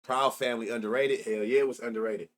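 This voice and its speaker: The host, a middle-aged man running a sports betting live stream, keeps a quick pace and fairly even intonation at medium pitch. He swears freely in casual chatter, reminiscing and reacting to his viewers' messages.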